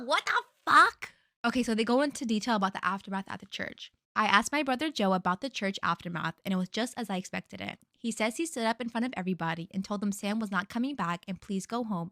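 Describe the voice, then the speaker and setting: A woman's voice: medium pitch, a bit bright, dry recording, clean studio sound. A woman reading online stories aloud and adding her own blunt, chatty comments. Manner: brisk, chatty, blunt asides. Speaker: storytime narrator. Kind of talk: reading online posts with casual reactions.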